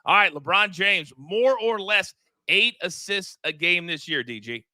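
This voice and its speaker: Bright-voiced energetic male sports host. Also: sits high, measured pace, no echo. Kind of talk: sports betting show chat.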